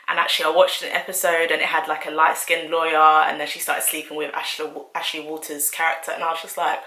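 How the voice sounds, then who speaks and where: A young woman talks straight to camera, chatty and opinionated with quick asides. Her voice is low-pitched but bright and forceful. The room around her rings with a noticeable echo. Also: steady tone. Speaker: vlogger. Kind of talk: casual talking-to-camera commentary.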